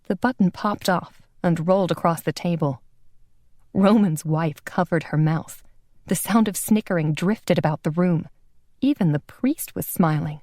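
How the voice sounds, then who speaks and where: A woman narrating an audiobook in an even, unhurried storytelling manner. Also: lowish voice, no room sound, clean studio sound. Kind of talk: scripted narration.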